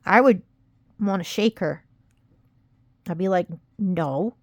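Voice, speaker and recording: A woman's voice: medium pitch, a little slow, a little mellow, no room sound. A young woman vlogging casually, rambling and frustrated, close to tears as she warns viewers. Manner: rambling, frustrated, self-critical. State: upset, near tears. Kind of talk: casual confessional vlog.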